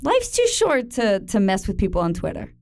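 A woman's voice: medium pitch, wildly swooping pitch, normal speed, darkish tone, faint music behind. A woman co-hosting a podcast, teasing and scolding her co-host in mock seriousness. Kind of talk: casual podcast chat.

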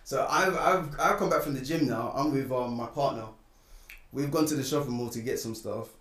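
A young man recounts a personal story in a relaxed, conversational way. He sounds set back from the mic in a roomy space, and his voice jumps up sharply when he gets indignant. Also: medium pitch, normal speed, recorded from a distance. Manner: animated, rising and loud when indignant. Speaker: guest telling a personal story. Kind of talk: casual storytelling chat.

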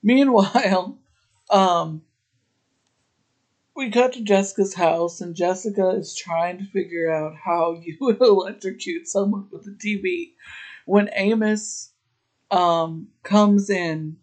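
A podcast host giving a casual, chatty recap of a TV episode, wandering into asides as they go. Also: medium pitch. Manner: meandering, chatty retelling with asides.

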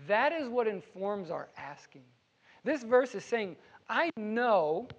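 Male pastor, earnest conversational sermon, slightly dull church recording. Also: high voice. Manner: earnest, conversational preaching with everyday examples.

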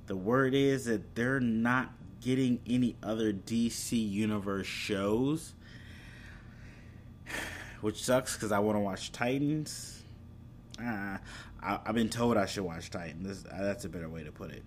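This casual talk about anime and streaming apps comes from a man with a fairly low voice and a measured pace. He meanders, corrects himself and laughs at his slips, with a bit of noise behind him.

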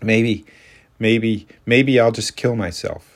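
A man with a deep voice reading the part of a desperate, frightened man in his thirties in an audiobook, pleading in a shaken voice. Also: steady tone, slow pace.

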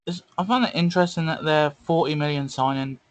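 A man's voice: fairly high pitch, fairly quick, no echo, poor audio. A man, co-hosting a casual football podcast, talking in a blunt, sceptical way. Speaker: podcast co-host.

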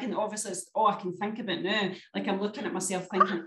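A woman's voice: medium pitch, steady tone, fast, hardly any pauses, a bit bright. Chatty woman telling a story. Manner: chatty storyteller, often adds "do you know what I mean". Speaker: guest. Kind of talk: casual chat. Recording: roomy echo.

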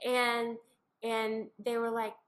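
A woman's voice: on the high side, monotone, takes it slowly, a bit bright. A mother talking earnestly and reflectively in a casual faith conversation, acting out little scenes as she goes. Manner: earnest, reflective, acts out quotes vividly. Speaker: mother and co-host of a family faith podcast.

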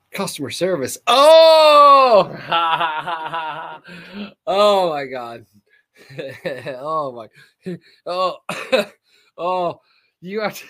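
A man hosting a podcast in casual chat, laughing often, swearing freely and getting excitable. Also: fairly high pitch. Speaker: podcast host.

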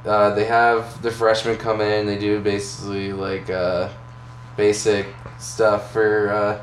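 A man's voice: lowish voice, flat delivery, unhurried. Young man, podcast co-host, rambling crude storyteller, roomy echo, faint hum. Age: young adult. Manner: rambling and crude, with many fillers. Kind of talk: casual storytelling chat.

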